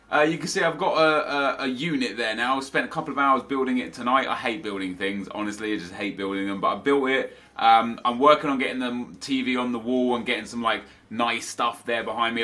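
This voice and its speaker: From his home office, a young man chats casually to camera for his gaming channel. His mid-range voice is bright and forward with a slightly stuffy nose, and he rambles, restarts sentences, and drifts into asides.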